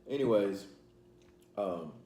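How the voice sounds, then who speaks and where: A man's voice: lowish voice, animated, slow pace, mellow. A man hosting a casual vlog, rambling with many fillers while he eats his meal. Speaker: channel host. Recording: echoey room, faint background noise.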